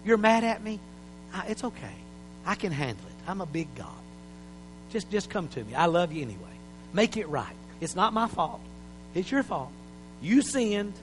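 Preacher doing god talking soft and gentle, patient, coaxing. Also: male voice, high voice, sing-song, normal speed, pauses often, background noise. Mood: tender.

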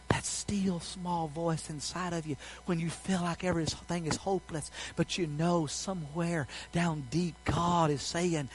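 A man preaching a sermon in a folksy storytelling way, swinging between loud passages and hushed ones. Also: fairly high pitch, steady tone, unhurried, a little hiss or hum, rough recording.

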